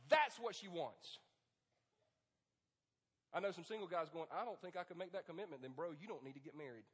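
A man preaching in a high-pitched voice, swinging between quiet asides and loud, punchy emphasis. He jokes with his congregation as he drives his points home. The sound carries the long reverb of a large hall. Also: fairly quick. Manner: animated, joking, preaching to men. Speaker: pastor. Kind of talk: sermon.

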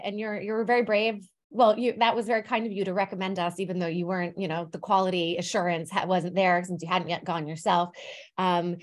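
A woman career coach hosting a live group session over a video call. She talks in a loose, chatty way, dropping "like" and "you know" as she goes. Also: medium pitch.

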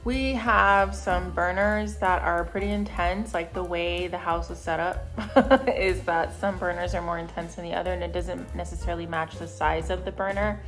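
A woman's voice: lowish voice, steady tone, moderate pace, a bit bright, faint music behind. A young woman vlogging casually while she cooks in her home kitchen, chatty, laughing often and fretting aloud. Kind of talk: casual chat while cooking.

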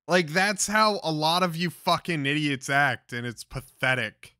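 Young man, bright tense voice, slow drawn-out delivery, crude swearing rant, dry close sound. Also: a little high, animated, smooth, dry recording. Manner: crude, exasperated, swearing constantly. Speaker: commentator reacting to clips. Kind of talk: profane ranting commentary.

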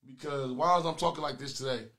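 A man hosting a comedy call-in show with loud, crude, taunting banter aimed at his callers. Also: medium pitch, quick pace.

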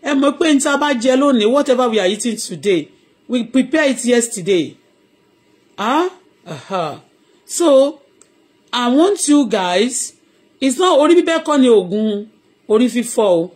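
A woman's voice: fairly high pitch, animated, moderate pace, long pauses, darkish tone, slightly rough. A middle-aged Nigerian woman, Yoruba her first language, hosting a live audio blog in a heated, rambling rant that switches between Yoruba and English. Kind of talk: impassioned live audio commentary.

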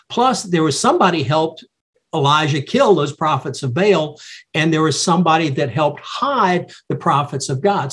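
A man teaching a Bible study in a reflective, explanatory, somewhat halting way. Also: a little high, a bit bright, husky.

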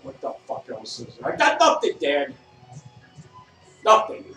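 A man in a bar, ranting in a rambling, profane way and breaking into shouts at times. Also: a little high, huge pitch swings, unhurried. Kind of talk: rambling casual rant. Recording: echoey room, distant mic, faint music.

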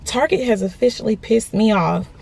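A woman vlogging to camera in a chatty, expressive way, calling her viewers y'all as she films with a handheld phone in stores and her car. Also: fairly high pitch, normal speed, gravelly. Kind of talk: casual vlog talk to camera. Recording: noisy background.

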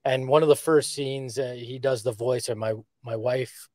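A man's voice: mid-range voice, steady tone, normal speed, darkish tone, no echo. A man co-hosting a sports podcast, chatting casually and joking around. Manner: jokey, does character voices. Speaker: podcast co-host.

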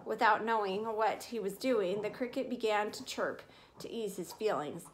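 A woman reading a children's chapter book aloud at a medium pitch, in a clear and steady storytelling manner. Faint background noise sits behind her voice. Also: normal speed. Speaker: reader.

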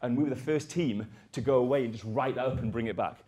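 A man's voice: mid-range voice, fast, a little mellow. A man giving a conference talk, rambling and self-deprecating, with jokey asides. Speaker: conference speaker.

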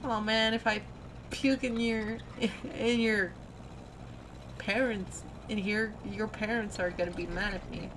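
A drunk, sloppy young cat girl, put on by a woman reading a game. She drags her words out very slowly, slurring and rambling as she pleads and apologizes. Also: mid-range voice, fairly even intonation, a little hiss or hum, natural voice, poor audio. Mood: drunk pleading.

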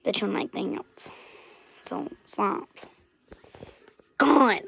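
A woman playing a bratty, self-absorbed young vlogger who talks in a whiny, petulant, deliberately clueless way. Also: medium pitch, expressive, gravelly, fairly bright tone, breathy edge, full character voice. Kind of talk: comic character vlog.

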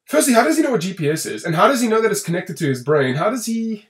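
A man's voice: high-pitched, quick pace. Rambling man reviewing a movie. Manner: rambling, restarts often, animated when complaining. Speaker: podcast co-host reviewing a film. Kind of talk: casual film review chat.

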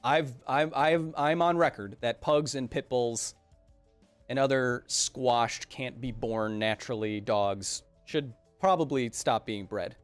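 A man's voice: mid-range voice, takes it slowly, no room sound, soft background music. A young man hosting a casual science livestream, reading viewer comments aloud and explaining terms with jokes. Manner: animated, joking, explains terms as he reads.

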